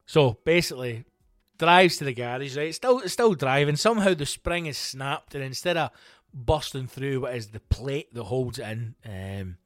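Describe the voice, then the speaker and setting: A middle-aged Scottish man, a comedian hosting his own show, telling rambling, sweary stories in a casual, animated way. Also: mid-range voice, normal speed, no room sound, clean studio sound, soft background music. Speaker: comedian podcast host. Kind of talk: casual comic storytelling.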